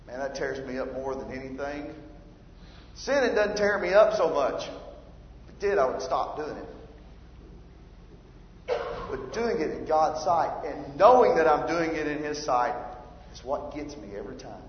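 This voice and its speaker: A man's voice: on the high side, animated, a little slow, pauses often. Preaching man in an echoey hall. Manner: emphatic preaching, rising loud on scripture. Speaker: pastor. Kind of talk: sermon. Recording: roomy hall reverb, dull lo-fi sound.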